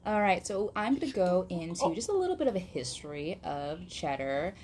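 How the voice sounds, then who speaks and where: A woman's voice: on the low side, sing-song, fairly quick, a crowd in the background. A woman from Wisconsin with a Wisconsin accent, co-hosting a podcast in a chatty, rambling way with lots of fillers and giggles. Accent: Wisconsin, upper Midwest US. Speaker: podcast co-host. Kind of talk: casual podcast chat.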